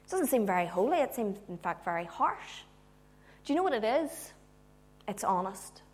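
A woman preacher giving a sermon with humorous asides, moving from loud emphasis to hushed tones. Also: mid-range voice, very animated, moderate pace.

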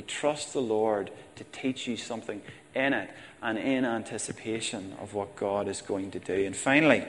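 Preacher in echoey church. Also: male voice, on the low side, a little hiss or hum. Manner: conversational, addresses congregation as folks. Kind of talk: sermon.

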